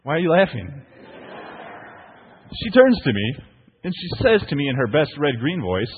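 A man preaching to his church, playful and full of stories, his pitch rising and falling a lot. His voice is husky and sounds thin, like a phone line. A long echo hangs in the hall behind it. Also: wildly swooping pitch, normal speed, pauses often. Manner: storytelling, playful, asks the congregation "right?". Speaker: pastor. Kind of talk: sermon.

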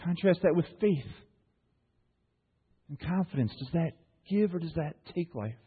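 A male pastor delivers a sermon in a husky, fairly high voice. He poses question after question to the congregation and tags his stories with "right?". The sound is thin and phone-like, with a long reverb tail from the hall. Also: a little slow. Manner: asks the congregation rhetorical questions; animated storyteller with frequent "right?" tags. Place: church hall.

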